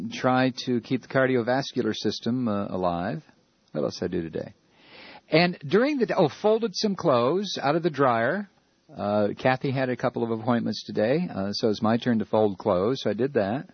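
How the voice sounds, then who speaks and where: A man hosts a talk radio show, delivering an opinionated monologue full of sarcastic ranting, rambling, and many fillers. His mid-range voice has a breathy edge, and the recording is dry with the highs cut off.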